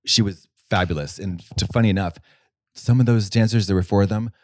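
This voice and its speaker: A man's voice: on the low side, fairly quick, a little mellow, no room sound, clean studio sound. A man co-hosting a podcast in casual chat, rambling and swearing, with many restarts and fillers. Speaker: podcast co-host.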